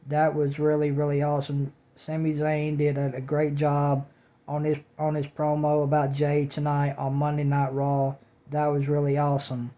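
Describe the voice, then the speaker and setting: A man talks through a recap in a casual reviewer's manner, his voice sitting slightly high yet dark and mellow in tone. His delivery barely moves in pitch, an almost flat drone. He keeps repeating the same words of praise. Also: low-quality recording. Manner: repetitive, restating praise over and over. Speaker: wrestling show reviewer.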